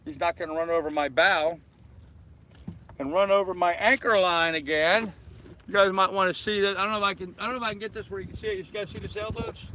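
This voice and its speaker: An older man, a sailing vlogger, live streams from his small sailboat anchored outdoors, holding his phone in hand as he answers viewers' comments one by one. His voice is high, steady in tone, pushed and bright, and he talks fast over slight background noise.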